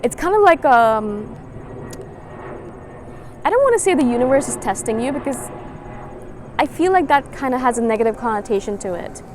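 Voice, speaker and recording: A woman in her thirties with a slightly high voice speaks straight to her viewers in a relaxed vlog style. She is earnest and encouraging, and hammers home her advice through steady repetition. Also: moderate pace, pauses often, slight background noise. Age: 30s. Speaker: spiritual vlogger. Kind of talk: casual motivational monologue.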